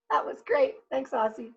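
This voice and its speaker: A fairly high-voiced woman leads a relaxed group talk, drawing others in and laughing easily. Her voice sounds distant and dull, like lo-fi call audio. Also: vocal fry. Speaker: animal communicator leading a group. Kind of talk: casual group conversation.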